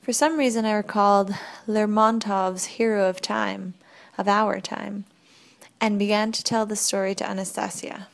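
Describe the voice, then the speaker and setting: Female audiobook narrator, mid-pitched, faintly gravelly, steady first-person reading. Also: normal speed.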